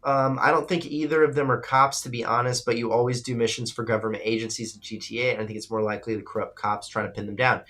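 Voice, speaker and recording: A man hosting a live stream, talking casually and with emphasis, at times swinging loud and high, and reading out chat messages. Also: fairly even intonation, quick pace, hardly any pauses. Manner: reads and answers chat. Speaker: livestream host. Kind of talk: casual livestream commentary.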